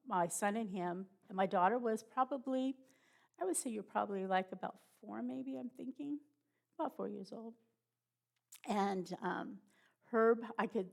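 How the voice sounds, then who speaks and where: A middle-aged woman giving a personal testimony at church, halting and emotional, with many pauses and restarts. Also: mid-range voice, vocal fry.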